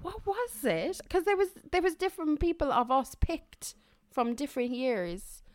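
A woman's voice: high voice, sing-song, moderate pace. A young woman chatting casually as co-host, giggling often. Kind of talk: casual chat.

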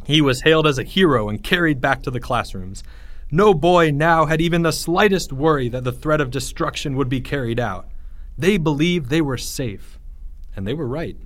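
A man narrating a children's story in an even, measured reading voice. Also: medium pitch, dry recording. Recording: dry close recording.

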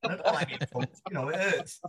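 A man's voice: on the high side, fast, fairly bright tone, husky. A man with a Mancunian accent, a podcast guest, telling stories in a rambling, self-deprecating way with many restarts. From Manchester, England. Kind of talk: casual interview chat.

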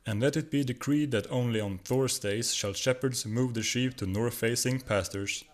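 A man's voice: mid-range voice, normal speed, close to an everyday voice. A man with a Swedish accent voicing a pompous Viking law speaker who recites laws in a drone. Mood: droning.

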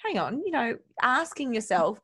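A woman's voice: on the high side, big pitch swings, normal speed, fairly bright tone, slightly rough. Reflective woman podcast host in her thirties. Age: 30s. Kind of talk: casual podcast conversation.

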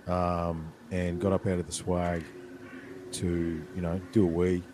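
An Australian man telling a camping story in a relaxed, drawn-out way, filling pauses with "you know.". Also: deep voice, background noise. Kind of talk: casual storytelling.

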